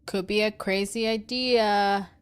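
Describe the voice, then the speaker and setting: A woman livestreaming a game, chatting casually with her viewers; she is excitable, swears freely and laughs often. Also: mid-range voice, slow, clear, resonant tone. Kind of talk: casual gaming livestream chat.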